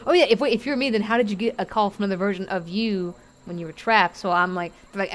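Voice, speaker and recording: A woman streaming a game live, chatty and rambling, thinking out loud and easily moved. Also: medium pitch, quick pace, hardly any pauses, a little hiss or hum. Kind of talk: live gameplay commentary.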